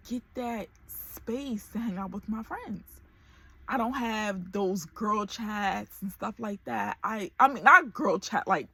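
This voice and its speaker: A woman's voice: medium pitch, bright, forceful tone, slightly rough. A woman in her forties talking candidly to camera in a personal vlog, emotional and close to tears. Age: 40s. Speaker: vlogger.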